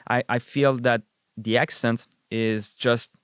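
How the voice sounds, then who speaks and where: A man's voice: medium pitch, steady tone, takes it slowly, fairly bright tone, clear, resonant tone, no room sound, studio quality. A man, a guest chatting casually and rambling with many fillers. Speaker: guest chef. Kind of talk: casual chat.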